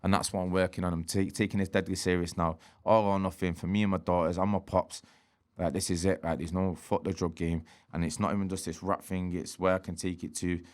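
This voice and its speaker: A man, speaking as a guest on a candid podcast. His voice sits very low and he talks at a fast clip, streetwise and blunt, with plenty of swearing and repeated check-ins with the listener. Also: little pitch movement. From Manchester. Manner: streetwise, swears, repeats "do you know what I mean". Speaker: interview guest, rapper.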